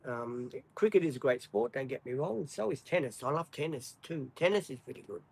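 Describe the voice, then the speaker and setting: Husky Australian man rambling on a livestream. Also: mid-range voice, expressive, a little fast, rough recording. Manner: rambling, apologetic, many ums. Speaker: livestream host. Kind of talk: casual live-stream chat.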